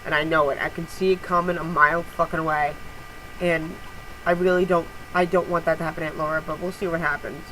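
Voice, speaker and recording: A woman vlogging to her regular viewers in an angry, profane rant. Her voice is bright and sharp, and she leans hard on her words. A faint background hum sits under her. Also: low voice, flat delivery, a little fast, poor audio. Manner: heated, profane and emphatic. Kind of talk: casual vlog rant.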